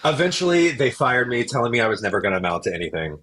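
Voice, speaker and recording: A man's voice: mid-range voice, racing, crowd noise. A middle-aged man, a podcast guest, telling his career story in casual conversation and acting out what others said to him. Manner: animated storyteller who acts out what others said.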